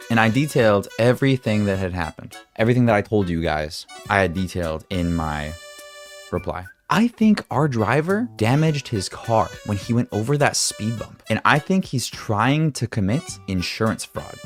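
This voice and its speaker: A young man with a fairly low voice tells an excited story-time vlog at a moderate pace, soft music playing behind him. His delivery alternates between loud outbursts and hushed asides, with occasional swearing and stammering.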